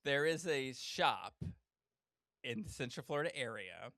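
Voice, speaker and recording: A man's voice: mid-range voice, expressive, a little slow, sharp tone, no echo, studio quality. A man co-hosting a casual podcast, laughing easily and swearing as he swaps stories. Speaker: podcast co-host. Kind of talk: casual chat.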